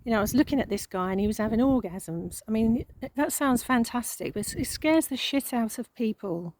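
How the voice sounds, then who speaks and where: A woman giving an emotional spiritual monologue, halting and repeating words, with frequent sighs. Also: a little high, lively intonation, a little mellow, slight background noise, rough recording. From England. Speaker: spiritual channel.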